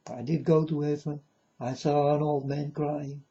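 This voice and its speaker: A man giving an earnest, halting religious monologue to camera in non-native phrasing. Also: fairly high pitch, flat delivery, vocal fry, mellow, dull audio. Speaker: religious video maker.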